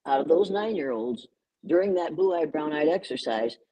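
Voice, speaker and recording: A woman's voice: deep voice, expressive, moderate pace, dark tone, poor audio. An older American woman speaking as an interview guest, emphatic and repeating words for stress. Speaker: guest educator. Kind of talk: conversational interview.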